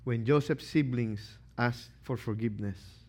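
A male pastor preaching a sermon, animated, questioning his congregation and acting out quotes. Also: mid-range voice, measured pace, long pauses.

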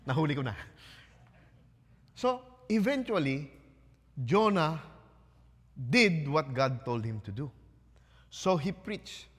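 A man with a Filipino accent preaching a sermon, questioning his congregation with quick Tagalog asides. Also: high-pitched, fairly bright tone, long reverb tail. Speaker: pastor.

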